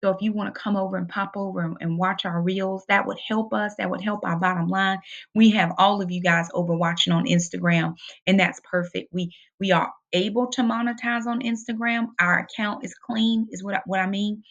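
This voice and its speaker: A woman's voice: mid-range voice, fairly even intonation, brisk, vocal fry, muffled recording. A middle-aged woman, talking casually and emphatically to camera about her family budget in a vlog, encouraging her viewers. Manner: chatty, emphatic, preachy and encouraging. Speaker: budgeting vlogger, single mom.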